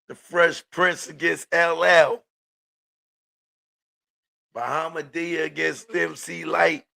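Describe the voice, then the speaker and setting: A man hosting a casual live-stream, talking in a relaxed, slangy way and hyping up his viewers. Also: a little high, vocal fry. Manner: laid-back, hypes viewers, drawn-out street slang. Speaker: live show host.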